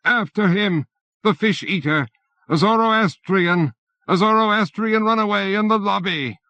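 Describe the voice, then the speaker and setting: Panicky male official, shrill high yelling, voiced by a man reading aloud; lo-fi cassette audio. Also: measured pace, no echo. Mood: panicked shouting. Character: panicky pompous male bureaucrat shouting alarm.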